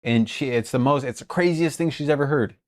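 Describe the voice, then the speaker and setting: A woman's voice: a bass voice, brisk, a little mellow. Woman streamer reacting to a clip, chatty and snarky, swears a lot. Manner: chatty, sarcastic, swears freely. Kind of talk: casual live-stream commentary.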